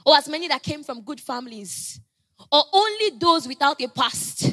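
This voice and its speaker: A woman preaching a sermon, telling stories conversationally and building to loud, emphatic proclamations. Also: high-pitched, animated, moderate pace. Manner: conversational storytelling with playful asides.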